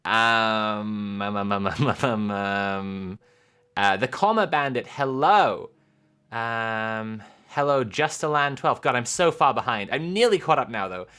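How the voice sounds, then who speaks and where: A woman streamer chatting casually with her viewers, animated and giggly, rambling with lots of filler sounds. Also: very deep voice, takes it slowly, clear, resonant tone. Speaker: live streamer.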